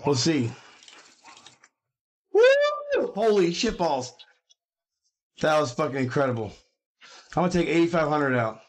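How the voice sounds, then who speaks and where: A high-pitched man gambles live on stream and narrates every turn. His talk comes in loud, profane, excitable bursts of exclamation. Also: moderate pace, long pauses. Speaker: gambling livestreamer. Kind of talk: live-stream reaction commentary.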